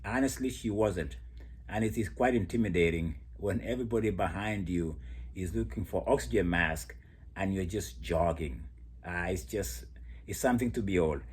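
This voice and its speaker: A man giving a casual, animated monologue analyzing track races, often laughing as he talks. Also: low voice, moderate pace, slightly rough. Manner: laughs often while talking, animated storytelling. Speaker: athletics commentator.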